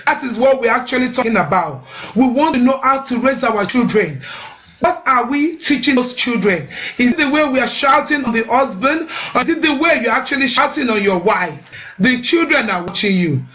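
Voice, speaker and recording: A woman's voice: fairly high pitch, expressive, normal speed, a bit bright, muffled recording. A woman hosting a live-streamed marriage advice talk. She speaks earnestly, urges her listeners and often repeats words while she finds the next one. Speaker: host of a marriage advice show.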